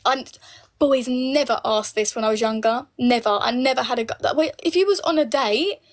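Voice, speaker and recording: Woman, late twenties, fairly high voice, blunt, opinionated, swears a lot, live stream Q&A. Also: moderate pace. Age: late 20s. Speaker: live streamer answering viewer comments. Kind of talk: casual live Q&A.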